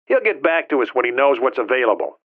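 A man voicing a calm, matter-of-fact male operations chief speaking on a phone line in an audiobook. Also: mid-range voice, fast, voice pushed up. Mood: businesslike. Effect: phone filter. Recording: narrow tinny phone line.

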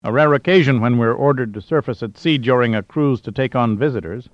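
A man's voice: mid-range voice, fairly quick, dry recording, natural voice. A man voicing a displeased naval commander who talks in a clipped, formal way. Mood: stiff. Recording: dull dry lo-fi audio.

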